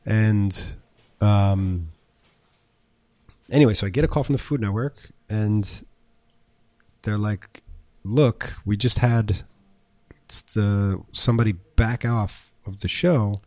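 Brief: middle-aged male chef, low voice, rambling anecdotes, dry close mic. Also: slow, dry recording. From United States. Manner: rambling, animated, swears, many fillers. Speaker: chef and restaurant owner, guest. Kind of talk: casual storytelling interview.

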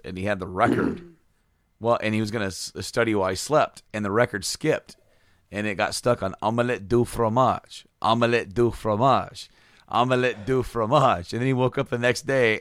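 Rambling low-voiced man chatting. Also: a bit bright, no echo, studio quality. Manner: rambling, enthusiastic retelling with many fillers. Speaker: podcast co-host. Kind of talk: casual chat.

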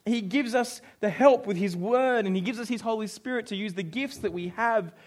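High-voiced pastor preaching. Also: male voice, moderate pace. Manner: animated storytelling, acts out quotes. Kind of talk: sermon.

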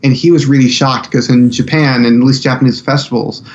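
A man's voice: medium pitch, steady tone, fairly quick, a little mellow, muffled recording. A man who is a guest on a podcast, telling stories in a rambling way with lots of fillers. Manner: rambling, filler-heavy storytelling. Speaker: guest filmmaker. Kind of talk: casual podcast chat.

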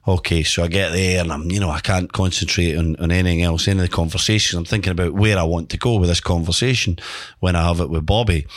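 A man, a former footballer co-hosting a podcast, telling animated stories in casual chat with many restarts. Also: sits low, quick pace, hardly any pauses, no room sound, studio quality.

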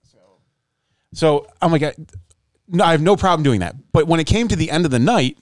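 Guy telling a fed-up story on a podcast, swears, lively voice, dead dry mic. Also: a little high, brisk, no echo. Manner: exasperated storytelling with profanity. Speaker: podcast co-host. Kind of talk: casual chat.

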